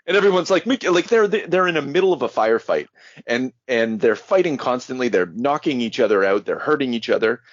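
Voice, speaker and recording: A male podcast co-host rambles through his points with fillers and quick laughs. His voice is husky, with a lively pitch. The sound is dry and lo-fi. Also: dry recording. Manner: rambling, hesitant, giggly. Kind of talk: casual chat.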